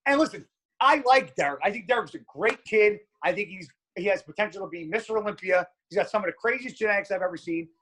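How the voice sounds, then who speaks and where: A man's voice: high voice, fast talker, a little hiss or hum. Blunt, profane man telling stories. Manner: blunt, profane, animated storyteller. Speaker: podcast guest. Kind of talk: casual chat.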